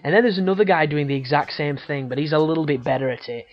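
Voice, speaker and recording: A man's voice: fairly high pitch, fast talker. A man giving casual, rambling gameplay commentary, swearing freely and laughing often. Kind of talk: casual let's-play commentary. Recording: dull lo-fi audio.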